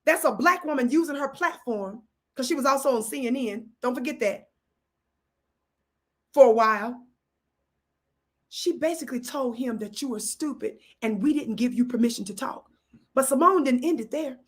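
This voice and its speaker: A woman with a high voice and hosts a live stream. She talks in a preacher-like way, reads out comments from her chat and calls blessings down on her viewers. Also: moderate pace, long pauses. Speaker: livestream host.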